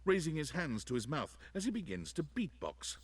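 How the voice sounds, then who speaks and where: A man's voice: a little high, big pitch swings, moderate pace, noisy background. A man giving dry, wry scripted narration in a video game.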